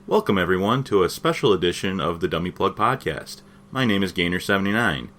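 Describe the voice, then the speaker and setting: A man's voice: low voice, animated, fairly quick, fairly bright tone, faint music behind. A young man hosting a podcast and interviewing a guest in an earnest, friendly way. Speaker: podcast host.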